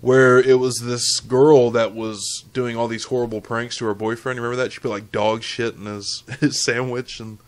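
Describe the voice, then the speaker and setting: A man's voice: medium pitch, flat delivery, normal speed, few pauses. A man with a mid-range voice hosts a podcast in loose, joking banter. He laughs easily and swears without a second thought. His tone stays easygoing and conversational. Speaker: podcast host.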